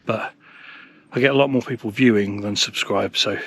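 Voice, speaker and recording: A man's voice: on the low side, moderate pace, creaky, a bit bright, slight background noise. A man vlogging while wild camping on a snowy hillside, chatty and self-deprecating, a little out of breath from the climb. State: slightly out of breath from hiking. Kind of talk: casual outdoor vlog talk to camera.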